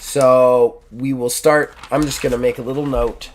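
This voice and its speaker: Casting: male game master, mid-pitched, rambling and excitable narration. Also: normal speed, slight background noise. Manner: rambling, enthusiastic, filler-heavy.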